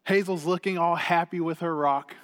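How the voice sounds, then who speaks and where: Upbeat pastor guy, slightly high voice, chatty sermon, big echoey hall. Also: normal speed. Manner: energetic, chatty, laughing often. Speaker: preacher. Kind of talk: sermon with personal story. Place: church hall stage.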